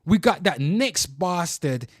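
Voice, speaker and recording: A man's voice: high-pitched, animated, slow pace, no echo, clean studio sound. A man hosting a livestream, ranting angrily about news stories, swearing heavily and calling out to his viewers. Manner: profane, heated, keeps addressing viewers. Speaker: livestream host. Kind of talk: angry news rant.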